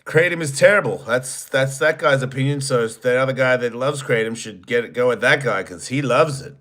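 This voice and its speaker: A man's voice: mid-range voice, normal speed, fairly bright tone. A man with an Australian accent, hosting a solo livestream, reading chat questions and answering in a crude, teasing, rambling way. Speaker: host.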